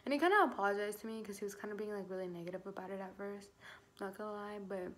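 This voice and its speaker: A pregnant teenage girl tells her story to the camera in a casual vlog, her mid-range voice racing and a bit bright. She's chatty, full of filler words, and swears freely.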